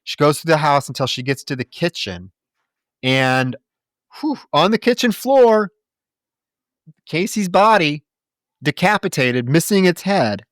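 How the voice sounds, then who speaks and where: A male podcast co-host walking through a film's plot with animated, profane commentary. His pitch moves widely and expressively. The sound is dry and close, with no room echo. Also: measured pace, long pauses. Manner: animated plot recap with swearing. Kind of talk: casual movie-review chat.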